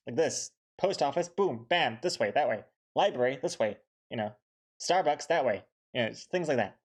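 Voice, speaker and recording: Brief: man, mid pitch, comic artist on a live stream, loose rambling chat, pokes fun at himself. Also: animated. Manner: chatty, self-deprecating, talks to viewers in the chat; quick rambling bursts with many fillers. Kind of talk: casual live-stream chat while drawing.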